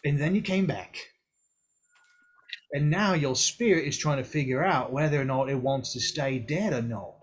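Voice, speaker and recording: A man's voice: a little high, moderate pace, breathy edge. A man voicing a sly, cheeky male spirit creature with claws who talks in a drawling, casual slang. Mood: blunt.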